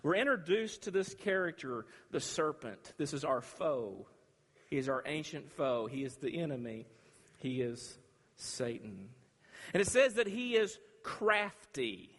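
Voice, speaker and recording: A man preaching a sermon, emphatic and dramatic, with long pauses between phrases. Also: on the high side, very animated, a bit bright, breathy edge. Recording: reverberant hall.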